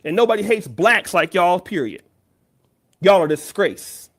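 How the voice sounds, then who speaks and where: A man with a high voice fires off mocking accusations. He keeps hitting the same short jabs. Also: lively intonation, normal speed.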